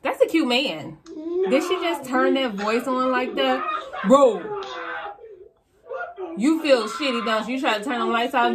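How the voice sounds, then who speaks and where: Loud, cussing woman reacting to clips. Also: high-pitched, a little slow, pauses often, a crowd in the background. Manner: loud, profane, incredulous. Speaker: reaction video host. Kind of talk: casual reaction commentary.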